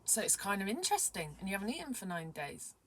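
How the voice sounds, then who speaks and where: A young adult woman vlogging casually, rambling excitedly with many fillers and sometimes dropping to a whisper. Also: mid-range voice, quick pace, breathy edge. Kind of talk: casual vlog chat.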